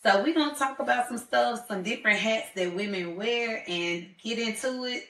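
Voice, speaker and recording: A woman's voice: on the high side, moderate pace, fairly bright tone. A woman hosting a talk show, chatting and teasing her guest. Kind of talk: casual chat. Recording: roomy sound from a distant mic.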